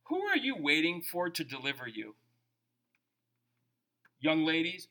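Middle aged guy preaching, chatty and animated, loud then soft, kinda high voice. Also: moderate pace, pauses often. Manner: animated, conversational preaching with shifting volume. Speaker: pastor. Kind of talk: sermon.

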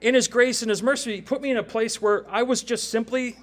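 A man's voice: very high-pitched, steady tone, a little fast, fairly bright tone. A man in his forties preaching a sermon with personal testimony, talking conversationally and animatedly and often checking in with "right?". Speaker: preacher and tattoo artist.

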